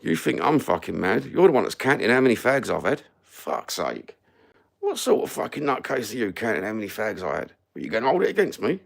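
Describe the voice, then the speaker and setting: A man's voice: fairly low pitch, sing-song, fairly quick, creaky. A Cockney man ranting sarcastically and swearing constantly as he chats on a live stream. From London. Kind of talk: casual live-stream rant.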